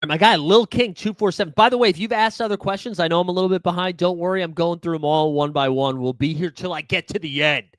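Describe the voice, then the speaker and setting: A man's voice: high voice, steady tone, fast talker, few pauses, no room sound, studio quality. A man hosting a live fantasy sports stream, answering viewer questions in a chatty, laid-back and jokey way, with lots of filler words. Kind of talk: live-stream Q&A, casual chat.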